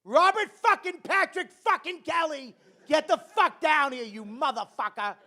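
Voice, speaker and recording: A man putting on his mother as a furious woman screaming at her six-year-old son, shrill and cursing, on a live comedy stage. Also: lively intonation, normal speed. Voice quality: shrill yelling. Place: live comedy festival stage before an audience.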